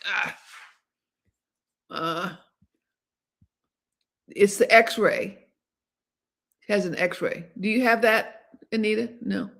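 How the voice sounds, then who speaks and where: A woman's voice: medium pitch, very slow, vocal fry, long pauses, a bit bright. Candid older woman rambling on a livestream. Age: 70s. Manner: rambling, candid, many fillers and restarts. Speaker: host. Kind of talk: casual livestream chat.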